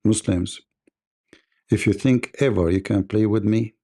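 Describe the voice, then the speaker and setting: A man's voice: on the low side, measured pace, warm tone. A man hosting a livestream debate, delivering a mocking, combative monologue.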